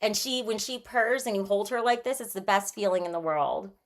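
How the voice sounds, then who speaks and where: A woman's voice: medium pitch, brisk. A woman livestreaming, chatting casually and bluntly, reading out and answering her chat. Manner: breezy, frank and irreverent.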